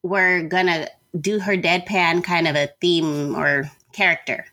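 Bright expressive woman cohost, playful, jokes around, laughs easy. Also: fairly low pitch, measured pace. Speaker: podcast co-host. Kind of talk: casual chat.

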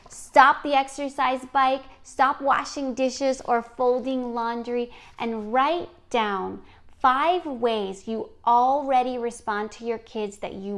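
A woman hosts a podcast, talking to her listener in an earnest, encouraging way. Her voice sits a little high, and she takes her time, letting each phrase land slowly. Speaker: podcast host. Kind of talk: scripted podcast monologue.

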